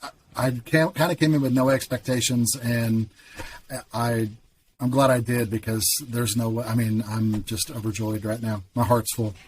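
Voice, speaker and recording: A man of middling pitch talks as a podcast guest, emphatic and candid. He tells his stories plainly. There is a faint noisy hiss under him. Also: steady tone, normal speed. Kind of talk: casual faith podcast interview.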